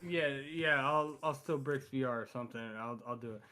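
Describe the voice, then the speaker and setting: A young man co-hosting a casual podcast, joking and teasing his friends and quick to laugh. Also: medium pitch, crowd noise. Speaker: podcast co-host. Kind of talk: casual chat.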